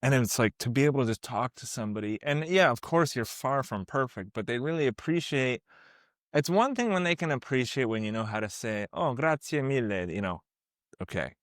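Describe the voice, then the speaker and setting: A man's voice: mid-range voice, sing-song, a little fast, no room sound, clean studio sound. An American man hosting a casual conversation, chatty and easygoing. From United States. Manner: easygoing, chatty, laughs along. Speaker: podcast host. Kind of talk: casual chat.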